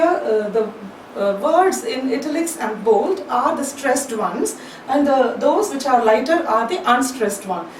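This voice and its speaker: Lady teacher, higher voice, going over a poem line by line, sounds a bit off mic. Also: far from the mic. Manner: paraphrases line by line, explanatory. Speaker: college English lecturer. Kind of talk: recorded lecture on a poem. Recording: echoey room, voice off-mic, faint hiss.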